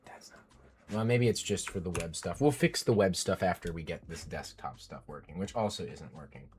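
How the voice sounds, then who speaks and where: A man's voice: low-pitched, lively intonation, normal speed, a little hiss or hum. A man live-streaming his coding, thinking aloud as he works, muttering code names and getting frustrated at bugs.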